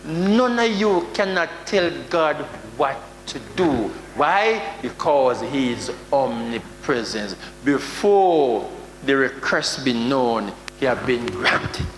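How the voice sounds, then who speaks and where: A man with a Jamaican accent preaching a sermon, with sudden loud outbursts and mock prayers. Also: medium pitch. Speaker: prophet preaching. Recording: echoey hall with faint hum.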